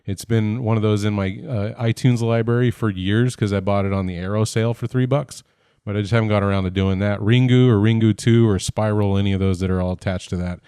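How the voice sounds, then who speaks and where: A man's voice: on the low side, steady tone, fast talker, warm tone, clean tone, no room sound, studio quality. A man hosting a podcast in casual chat, jokey and self-deprecating, laughing often. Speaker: podcast host.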